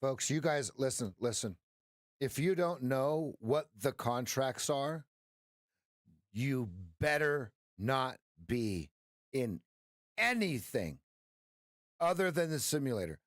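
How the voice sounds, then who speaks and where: Passionate trading coach guy ranting on stream, swears, lively voice, dry sound. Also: mid-range voice, slow pace, long pauses, no room sound. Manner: blunt, passionate, profane. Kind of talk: live-stream coaching talk.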